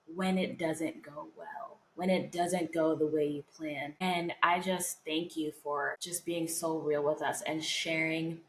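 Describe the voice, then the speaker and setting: Earnest young woman, low voice. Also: fairly even intonation, takes it slowly, hardly any pauses, a little hiss or hum. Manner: earnest, emotional, speaks of faith. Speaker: podcast co-host. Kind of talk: heartfelt casual chat.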